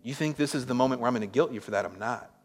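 A man preaching a sermon as a pastor, slow and emphatic, swelling in volume on key points. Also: mid-range voice, long reverb tail, music in the background.

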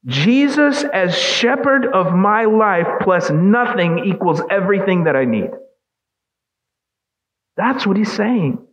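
Male pastor, slightly high voice, unhurried emphatic sermon delivery, muffled lo-fi recording. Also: expressive. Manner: emphatic preaching with rhetorical questions.

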